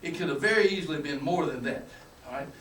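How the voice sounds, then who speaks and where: Fast-talking and fairly high-pitched with a bright tone, an older football coach delivers a folksy storytelling lecture at a clinic. His stories are colorful and emphatic, dotted with chuckles, and the roomy recording comes from a distant mic with faint room noise.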